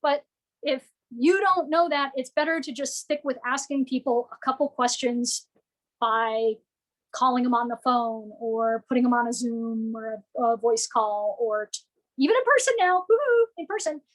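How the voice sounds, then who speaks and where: A woman giving a lively, playful presentation to business owners, often acting out what customers might say. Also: a little high, unhurried, low-quality recording.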